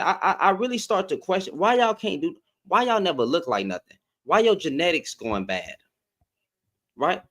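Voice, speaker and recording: Animated man ranting on a livestream. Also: high voice. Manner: animated, confrontational, slangy. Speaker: live-stream host. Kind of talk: heated casual rant.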